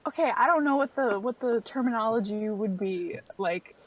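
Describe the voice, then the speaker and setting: A woman's voice: on the high side, expressive, moderate pace, highs cut off, slight background noise. A woman taking part as a player in a tabletop game, joking and playful. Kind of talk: tabletop role-play.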